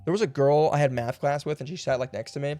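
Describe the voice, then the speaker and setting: A man's voice: fairly high pitch, quick pace, dark tone, no room sound. A young man streaming a puzzle game, thinking aloud in a rambling way and laughing now and then. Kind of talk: casual puzzle game livestream.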